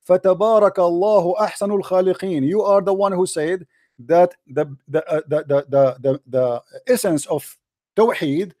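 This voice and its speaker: A man's voice: a little high, measured pace, warm tone, no room sound, studio quality. A man hosting a heated live debate, insistent and repeating his questions while talking over his opponent. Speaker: debate host.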